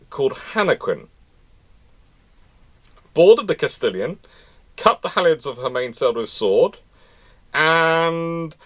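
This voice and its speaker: High, bright-voiced male history presenter. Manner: enthusiastic, animated storytelling with frequent restarts. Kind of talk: informal history lecture.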